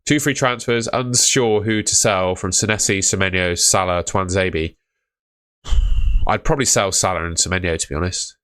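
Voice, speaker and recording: Young male streamer, low voice, dry close sound, offhand and chatty. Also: steady tone, moderate pace, fairly bright tone, no echo. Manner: offhand, matter-of-fact, calls viewers mate. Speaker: fantasy football livestream host. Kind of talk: casual livestream chat reading viewer questions.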